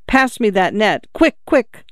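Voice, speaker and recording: A reader voicing a restless older man out crabbing, gruff and impatient. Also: mid-range voice, moderate pace, a bit bright, dry recording, clean studio sound, natural voice.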